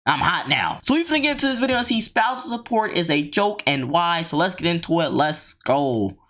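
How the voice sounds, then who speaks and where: A man's voice: fairly high pitch, lively intonation, fairly quick, fairly bright tone. A man hosting a reaction video, ranting in slangy, riled-up commentary and mocking people in put-on voices.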